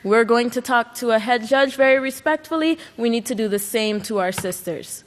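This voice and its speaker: Woman, sermon, earnest rhetorical questions, slightly high voice, echoing worship hall. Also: moderate pace. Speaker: speaker at a religious service. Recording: long hall reverb.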